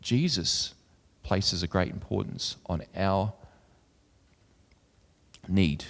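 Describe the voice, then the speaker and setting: A preacher delivers a sermon, reading scripture earnestly and slipping into chatty, filler-laden asides. His low, gravelly voice draws out words, takes long pauses and has a fairly bright tone. The recording carries a long hall reverb.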